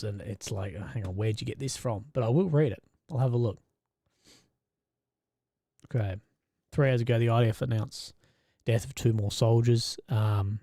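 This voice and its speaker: A man's voice: mid-range voice, dark tone, no echo, studio quality. A man, hosting a live stream and giving loose, conversational commentary while reading viewer chat, often swearing and restarting his sentences. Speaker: independent reporter and live-stream host.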